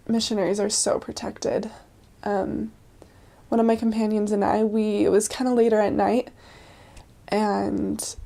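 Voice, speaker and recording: A woman's voice: fairly high pitch, gravelly, warm tone. A young woman telling stories in a casual, chatty way, with frequent "like" and "um" and laughs along the way. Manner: chatty, full of "like" and "um", laughs often. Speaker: returned missionary. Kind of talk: casual storytelling.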